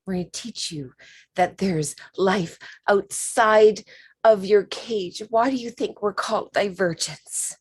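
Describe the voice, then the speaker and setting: Slow, breathy woman leading a workshop. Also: mid-range voice. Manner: slow, emphatic, drops to whispers. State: emotional. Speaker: workshop leader. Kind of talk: spiritual workshop talk.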